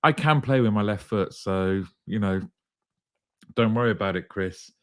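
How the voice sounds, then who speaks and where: Brief: male live-show host, upbeat and jokey, slightly croaky, lowish voice, dry close sound. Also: normal speed, no room sound. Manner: upbeat, greets viewers by name, jokey. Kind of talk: live show chat reading comments.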